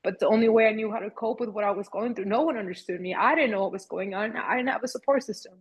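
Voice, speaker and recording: A woman in her thirties recounts hard personal experiences as a podcast guest. Her voice is husky and her speech halting, with frequent restarts as she searches for words. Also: medium pitch. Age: 30s. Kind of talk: emotional personal storytelling.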